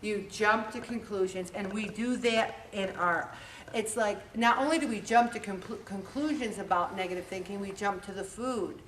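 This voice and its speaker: A woman leading a group meeting, telling stories in a chatty, animated way. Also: medium pitch, normal speed, a little hiss or hum. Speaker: group leader giving a talk. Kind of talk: motivational talk to a group. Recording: echoey room, voice from a distance.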